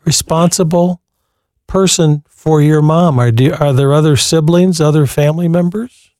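A man's voice: fairly high pitch, normal speed, warm tone, dry recording, clean studio sound. Earnest male radio call-in host. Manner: earnest, encouraging, repeats and restarts phrases. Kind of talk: live Christian radio call-in advice.

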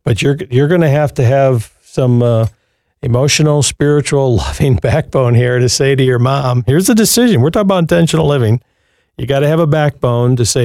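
A man's voice: medium pitch, fairly quick, darkish tone, no room sound, studio quality. Earnest male radio call-in host. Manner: earnest, encouraging, repeats and restarts phrases. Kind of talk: live Christian radio call-in advice.

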